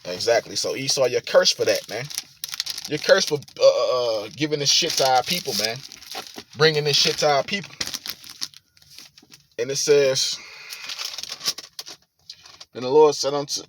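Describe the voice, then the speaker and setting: A man reading scripture aloud with sermon commentary, forceful and profane, rising to loud emphatic reading. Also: mid-range voice, normal speed, pauses often, noisy background. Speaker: preacher.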